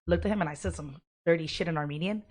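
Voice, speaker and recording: Profane, animated woman storyteller. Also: fairly low pitch, fast talker. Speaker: podcast co-host. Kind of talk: casual podcast chat.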